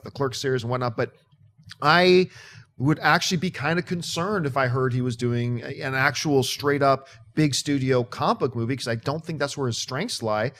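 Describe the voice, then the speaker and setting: Eager fast-talking male host. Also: mid-range voice, a bit bright. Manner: eager, fast, enthusiastic fan. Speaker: host reading viewer questions. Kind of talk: casual panel chat.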